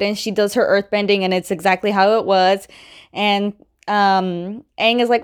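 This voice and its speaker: A woman's voice: mid-range voice, moderate pace, clear, resonant tone. Chatty young woman recapping a cartoon. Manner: chatty, lots of "like", acts out quotes. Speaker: episode recap host. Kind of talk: casual recap narration.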